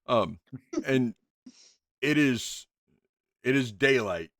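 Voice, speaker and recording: A man's voice: mid-range voice, expressive, very slow, no echo, studio quality. A man narrating as game master in a casual tabletop game, laid-back with frequent ums and chuckles.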